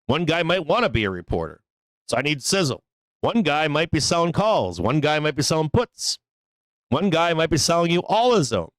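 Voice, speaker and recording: A man's voice: on the high side, big pitch swings, moderate pace, no echo. A man hosting a live stock market show, talking bluntly and emphatically with lots of swearing in a rambling, casual way. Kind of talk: casual live trading commentary.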